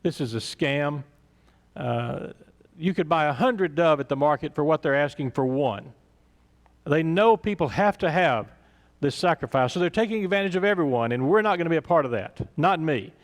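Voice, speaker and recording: A man's voice: on the high side, lively intonation, moderate pace. A man voicing a stern, principled middle-aged father who speaks firmly and earnestly, recorded in a reverberant church sanctuary. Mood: indignant. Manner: firm and indignant, later quiet and earnest.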